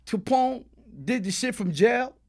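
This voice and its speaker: As an interview guest, a Brooklyn man with a New York accent tells a long, profane, streetwise story casually, tossing in tag questions like "you heard?". His voice is extremely high-pitched and his pace measured.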